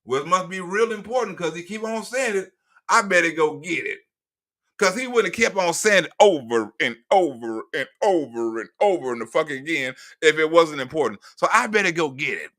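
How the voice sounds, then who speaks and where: A man's voice: sits high, pushed and bright. A man doing comedic live commentary in a profane, mocking rant. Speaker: livestream commentator.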